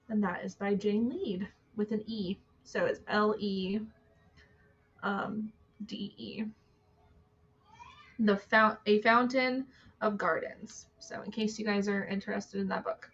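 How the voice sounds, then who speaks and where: A woman's voice: medium pitch, steady tone, slow, a bit bright, slightly rough. Bubbly woman on a lo-fi stream. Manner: bubbly, gushing, chatty with fillers. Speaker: spiritual reader and live-stream host. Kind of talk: casual spiritual live-stream chat. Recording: dull lo-fi stream audio.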